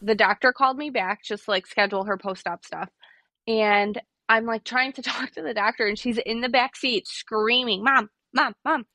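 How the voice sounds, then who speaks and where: A woman's voice: on the high side, steady tone, normal speed, pushed and bright, dry recording. A woman co-host telling stories about her toddler in an easy, chatty way. She laughs often and lets a swear word slip now and then. Her voice is recorded close and dry, with no room sound. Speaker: podcast co-host. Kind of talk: casual chat.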